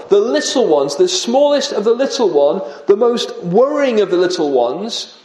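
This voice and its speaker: High-voiced preacher man in an echoey hall. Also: very animated, moderate pace, hardly any pauses, a little mellow. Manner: earnest expository preaching, drops voice for emphasis. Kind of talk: sermon.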